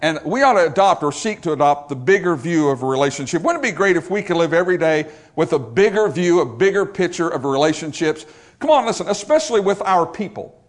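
Male preacher mid-sermon: high-pitched, hugely animated delivery, repeating phrases and dropping to a hush. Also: fast. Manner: emphatic and repetitive, swinging from loud to hushed.

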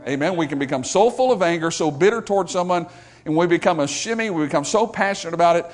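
Male pastor, high, animated voice, emphatic sermon with call-and-response. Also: fast talker.

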